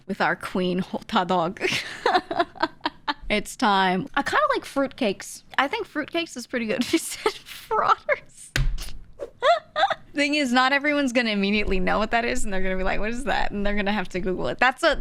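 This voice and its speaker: A woman's voice: medium pitch, fairly bright tone. Woman, young adult, live-stream host, playful, giggly, casual chat.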